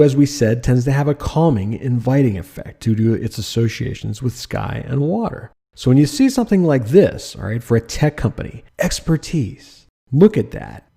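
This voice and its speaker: A man teaching a design lesson over slides, lively and emphatic, often asking the listener rhetorical questions. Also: mid-range voice, creaky. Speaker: design instructor.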